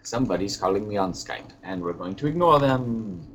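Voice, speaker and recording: A man's voice: fairly low pitch, expressive, normal speed, fairly bright tone, slight background noise, poor audio. A man playing a fussy, pompous British lord on a comedy podcast, speaking in a put-on British accent, rambling and hesitant while he has the hiccups. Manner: rambling, hesitant, genteel phrasing. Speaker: podcast co-host. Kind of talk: comedic podcast character chat.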